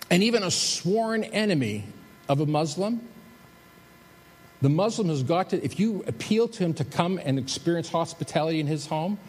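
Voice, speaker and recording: A man preaching a sermon as a pastor, shifting between emphatic rises and soft, slowed drops. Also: fairly high pitch, husky. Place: church sanctuary. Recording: reverberant hall with faint noise.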